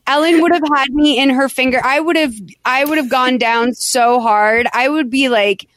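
A woman hosting a podcast, chatting casually as she retells a movie plot in an animated way. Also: high voice, moderate pace, no room sound. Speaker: podcast host. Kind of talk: casual chat recapping a movie.

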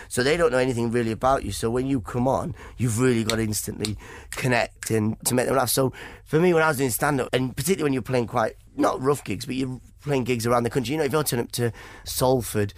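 A man's voice: mid-range voice, no echo. A man, a comedian being interviewed, chatting and telling stories, acting out other people's voices. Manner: chatty storytelling, acts out quoted voices. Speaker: comedian guest. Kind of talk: casual interview chat.

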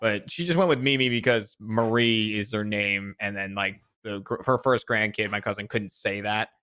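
A man's voice: on the low side, normal speed, pushed and bright, smooth, dry recording, clean studio sound. A man on a podcast explaining things carefully in casual chat, with many fillers.

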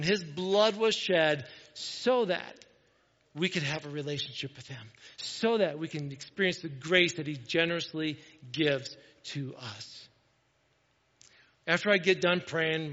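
A man preaching a sermon in a church, earnest and repetitive, moving between loud urging and quiet, hushed moments. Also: on the high side, normal speed. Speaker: pastor. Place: church sanctuary. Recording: dull echoey church hall.

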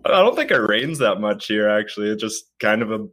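A man in a casual podcast chat, relaxed and a little hesitant. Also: on the low side, fairly quick.

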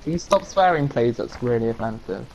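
Male podcast co-host, crude jokey banter, lively swooping delivery, noisy home recording. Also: medium pitch, a little fast, vocal fry, highs cut off. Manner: sweary, joking, loud outbursts.

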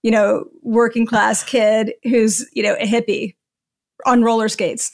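A woman guesting on a podcast speaks in a slightly high voice, with a flat, unhurried delivery and vocal fry. Enthusiastic and a little rambling, she often laughs between thoughts in this conversational interview.

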